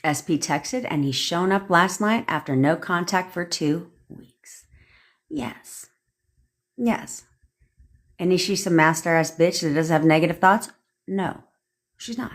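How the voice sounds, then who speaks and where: A woman's voice: fairly low pitch, unhurried, pauses often. A woman, coaching on a live stream and answering viewer comments. She talks bluntly and profanely, with lots of asides. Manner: blunt, profane and animated, with frequent laughs and asides. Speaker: manifestation coach.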